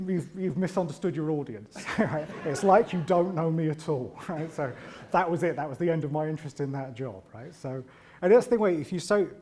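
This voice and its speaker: A man presenting a conference talk in a lively, conversational way, with a voice sitting a little higher than most men's. He keeps nudging the audience with "right?" and pokes fun at himself as he goes. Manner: animated and chatty, often tags lines with "right?"; self-deprecating humour. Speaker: conference speaker.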